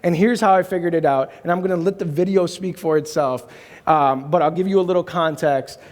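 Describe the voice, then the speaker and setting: A man's voice: fairly high pitch, a little fast, darkish tone. Earnest man preaching in reverberant hall. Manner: storytelling, earnest and emphatic. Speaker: pastor. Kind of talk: sermon. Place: church auditorium.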